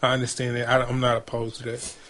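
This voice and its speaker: A man co-hosting a relaxed podcast conversation. He talks loosely, in slang, circling back and repeating himself as he makes his point. His voice sits at an ordinary middle pitch. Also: fast. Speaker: podcast co-host. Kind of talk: casual chat.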